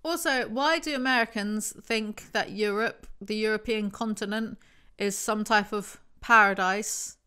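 A woman's voice: mid-range voice, unhurried, sharp tone, clean tone. A young woman from England with an English accent, giving sarcastic commentary while reviewing a book. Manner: sardonic, exasperated asides.

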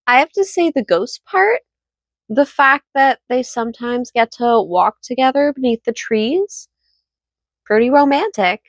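A hoarse woman reading a ghost story aloud, then chatting about it with playful, wry asides. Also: sits high, animated, a little slow, no room sound. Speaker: book read-aloud host.

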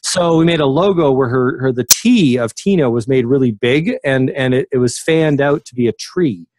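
A man's voice: mid-range voice, moderate pace, darkish tone, no room sound. A man in his sixties, a memory expert guest, talking casually in an interview with many fillers and restarts.

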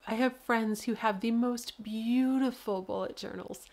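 Casting: woman streamer-author, loose chatty delivery, quick laughs, plenty of "um" and "like". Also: fairly high pitch. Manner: chatty, laughs often, many fillers. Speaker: author hosting a livestream show. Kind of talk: casual livestream talk.

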